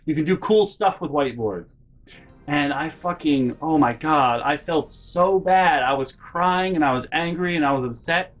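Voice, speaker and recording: A man's voice: fairly high pitch, normal speed, soft background music. A man telling a personal story casually on his vlog, swearing often and rambling with restarts. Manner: profane, animated, rambling with restarts. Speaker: vlogger.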